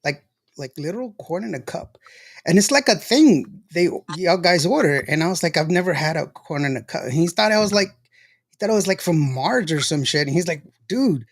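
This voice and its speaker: A man's voice: sits high, expressive, a little fast. A man hosting a casual show, chatty and laughing often as he tells stories. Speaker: show host. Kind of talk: casual livestream chat.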